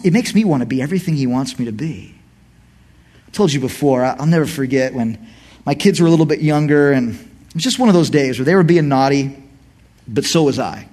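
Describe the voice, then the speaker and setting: Brief: middle-aged man, sermon voice, high and expressive, bursts of shouting. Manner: animated, swings from quiet asides to shouted emphasis. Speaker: pastor. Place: church.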